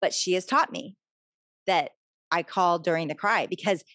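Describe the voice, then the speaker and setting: A woman's voice: on the low side, normal speed, no room sound, clean studio sound. A middle-aged woman author talking earnestly and openly as a guest in a conversation. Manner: earnest, confessional, animated when telling stories. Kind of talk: conversational interview.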